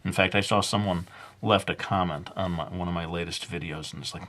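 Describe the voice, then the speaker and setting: A man's voice: low voice, steady tone, a little fast, fairly bright tone. A man narrating a casual drawing tutorial, chatty and self-mocking, rambling with many fillers. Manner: chatty and self-mocking, jokingly putting on a bad accent. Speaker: drawing instructor.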